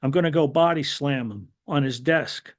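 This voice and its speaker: A slightly high-voiced older man from New York, speaking at a normal pace, tells stories casually as a guest on a podcast. He's a former wrestling referee who rambles, fills his talk with fillers and restarts, and acts out quotes with animation.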